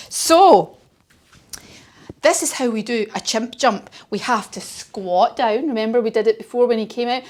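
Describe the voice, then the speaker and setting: A woman leading a children's yoga class as a story, gentle and encouraging. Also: fairly high pitch, normal speed. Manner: gentle, encouraging, sing-song. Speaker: kids' yoga teacher.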